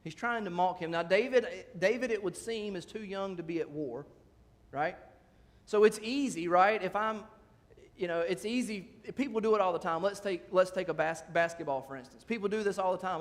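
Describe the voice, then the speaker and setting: A male pastor preaching a sermon in a church sanctuary, talking conversationally and rising in pitch on emphatic questions. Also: normal speed. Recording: long church hall reverb.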